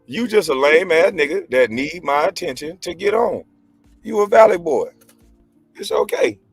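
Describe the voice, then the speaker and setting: A man in his forties, livestream host and former pro basketball player, rants heatedly with profanity, mockery and scornful laughs, spoiling for a fight. His high-leaning, gravelly, breathy voice swings hugely in pitch at normal speed, with no room sound and faint music.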